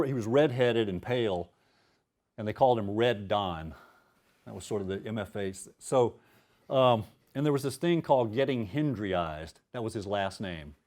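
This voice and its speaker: A man's voice: medium pitch, darkish tone. Casual, salty storytelling man. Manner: casual, profane and self-mocking, laughs at his own stories. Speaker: author reading his fiction. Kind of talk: storytelling and reading his fiction aloud.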